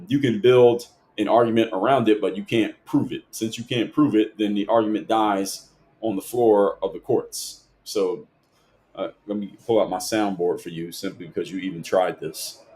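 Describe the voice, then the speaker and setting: A man's voice: lowish voice, fairly even intonation, normal speed, dark tone. A man hosting a livestream, reading chat comments aloud and arguing back at them in a lecturing way. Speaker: livestream host.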